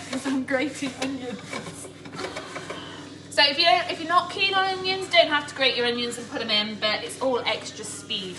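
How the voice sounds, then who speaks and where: A woman's voice: mid-range voice, far from the mic, background noise. A woman chatting to live viewers while cooking at home, laughing often. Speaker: cooking vlogger. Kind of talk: live-stream cooking chat. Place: home kitchen. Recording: echoey kitchen, clattering pots.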